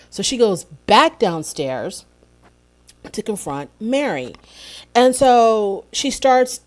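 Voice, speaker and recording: A woman's voice: medium pitch, big pitch swings, slow, darkish tone. A woman casually recapping a reality TV episode, telling it as a chatty, opinionated story.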